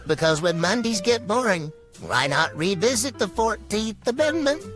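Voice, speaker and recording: A high-pitched, sardonic raccoon lawyer played by a man delivers deadpan wisecracks. His voice swings widely up and down, with music playing behind it. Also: moderate pace. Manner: dry sarcastic quips. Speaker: legal commentator.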